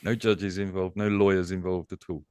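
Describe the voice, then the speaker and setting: A man's voice: deep voice, level tone, fairly quick, darkish tone, clean tone, no echo, studio quality. A man explaining at length and earnestly as a guest on a casual live-stream chat. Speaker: panel guest.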